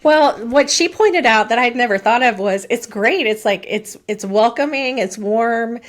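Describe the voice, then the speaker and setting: A woman's voice: a little high, animated, measured pace. A middle-aged woman, a podcast guest, chatting casually with frequent laughs and fillers. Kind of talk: casual interview chat.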